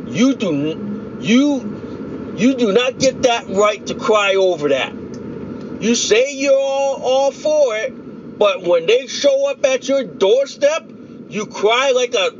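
A man with a very high voice rants in a heavy, drawn-out way, swearing and circling back to the same points. His voice comes through dull and muffled. Loud traffic noise runs behind him. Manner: profane, repetitive, heated ranting. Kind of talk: angry political rant vlog.

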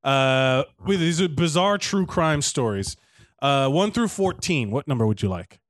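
A man's voice: on the high side, lively intonation, a little slow, no room sound, studio quality. Rambling, joking male podcast host. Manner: joking, rambling, many fillers. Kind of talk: casual comedic chat. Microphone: wireless lavalier.

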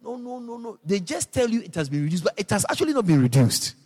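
A Guyanese man preaching a radio sermon, emphatic, dropping into low asides and rising into high shouted repeats. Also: very animated, quick pace, big-room sound.

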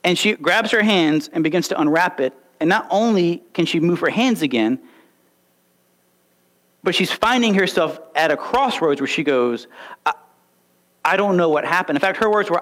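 A man's voice: sits high, lively intonation, moderate pace, fairly bright tone. A young man preaching a sermon, emphatic and full of rhetorical questions and stories. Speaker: pastor.

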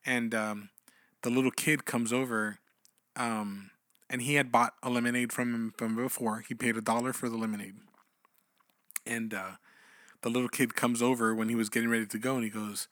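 Man, podcast co-host, rambling storyteller, mid-pitched voice, dry close sound. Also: flat delivery, moderate pace, a bit bright, dry recording. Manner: rambling, many restarts and "you know"s. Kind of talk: casual chat, storytelling.

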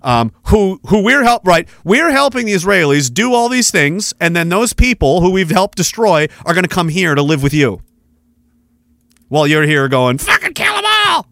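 A man's voice: high voice, animated, moderate pace, fairly bright tone, no room sound. A man hosting a podcast, ranting sarcastically and with heavy profanity while commenting on news clips. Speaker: podcast host.

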